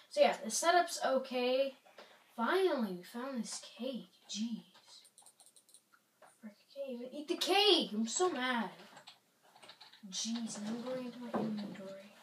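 A young woman gaming YouTuber chats casually about the video game she's playing, rambling playfully and sometimes dropping to a whisper. Her voice sits on the high side and moves a little slowly, recorded on a distant mic in a roomy space with faint noise.

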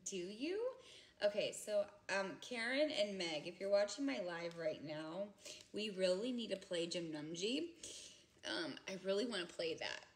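A woman in her thirties chatting casually with viewers on a livestream from home. She is giggly and chatty, and she often breaks into loud laughter. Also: medium pitch, lively intonation, unhurried. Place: home, indoors.

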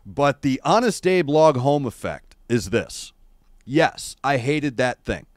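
A middle-aged man hosting a casual livestream chat, telling rambling, wry and animated stories into a streaming microphone. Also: mid-range voice, slow pace, dry recording, clean studio sound. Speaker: show host. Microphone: adjustable streaming microphone.

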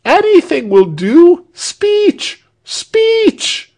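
A man voicing an excited village crowd, shrieking and shouting cheers. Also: drawn-out words, full character voice. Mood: cheering. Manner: shrill shouting.

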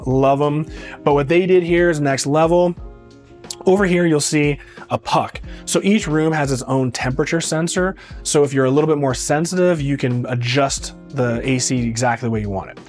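Upbeat man touring a house. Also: fairly high pitch. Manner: upbeat, repeats praise words. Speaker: real estate agent giving a home tour. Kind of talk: casual walkthrough narration. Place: indoors walking through a large house.

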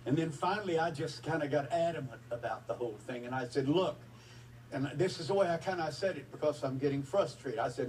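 Male preacher, earnest, halting delivery, recorded from a distance with faint background noise. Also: fairly high pitch, a little mellow. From Texas. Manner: earnest, emotional storytelling with halting fillers. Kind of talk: sermon testimony.

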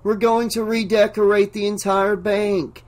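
A man voicing an entranced bank manager who talks slowly in a dreamy, sing-song way, reading an audiobook. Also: high-pitched, flat delivery, a little mellow, voice pushed up. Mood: dreamy, grandiose. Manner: slow, sing-songy, dreamy.

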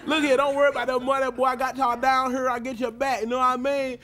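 A man's voice: extremely high pitch, level tone, quick pace, faint music behind. An actor playing a flashy, boastful street hustler who brags in slang and calls everyone boy, in a live comedy sketch. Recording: live stage, loud audience laughter and noise.

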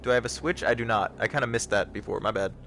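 A young man hosting a livestream, giving casual, jokey gameplay commentary with sudden excited yelps. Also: lowish voice, fast talker, creaky, slight background noise. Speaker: livestream host.

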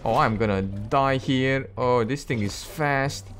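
A man's voice: medium pitch, takes it slowly, a bit bright, faint music behind. A man giving casual, reactive commentary while playing a video game, exclaiming and laughing at himself. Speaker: gameplay video host.

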